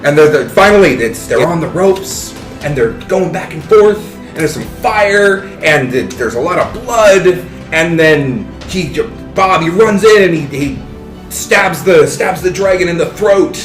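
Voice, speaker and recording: Male game master, animated and profane, fairly high voice, echoey room with music. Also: a little slow. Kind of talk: narrating a tabletop game.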